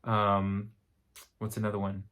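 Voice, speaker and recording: A man's voice: on the low side, completely flat delivery, measured pace, a bit bright. A man with a tired voice giving a recorded singing lesson, explaining step by step and singing short demo words. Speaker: voice teacher.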